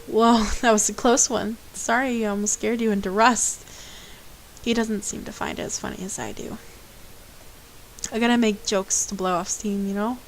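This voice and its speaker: Brief: playful woman streamer, mid pitch, reads a visual novel aloud with jokey asides. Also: fairly even intonation, moderate pace, a little hiss or hum, rough recording.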